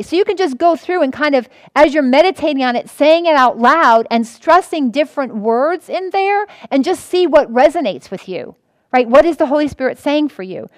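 A woman's voice: high-pitched, animated, normal speed, dry recording. A woman pastor teaching a sermon in an earnest way, often restarting and repeating her points.

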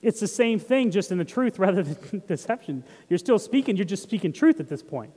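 Very animated and fairly quick, a pastor with a high-sitting, dark-toned voice preaches a conversational sermon and asks his congregation questions. The room leaves a long reverb tail.

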